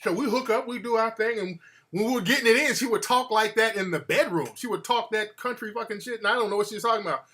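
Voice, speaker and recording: A man hosting his show, telling a comic story in an animated, profane way with laughs between lines. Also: sits high, fast. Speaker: show host.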